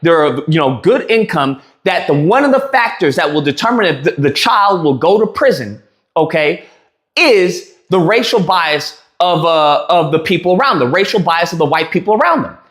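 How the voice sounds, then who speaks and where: A streamer retells a heated argument in a casual rant, acting out the quoted lines and frequently restarting his sentences. His fairly high, fairly bright voice is expressive and moves at a moderate pace, recorded in an echoey room.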